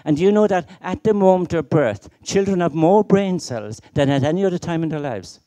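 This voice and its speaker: A man's voice: a little high, expressive, a little fast, mellow. A middle-aged man giving a conference keynote, emphatic and full of rhetorical questions and stories. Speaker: keynote speaker.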